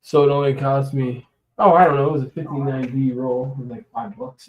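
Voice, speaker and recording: A man's voice: mid-range voice, a little fast, highs cut off, slight background noise. Chatty man rambling on a livestream. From US West Coast. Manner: rambling, chatty, laughs often. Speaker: livestream host. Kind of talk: casual live-stream chat.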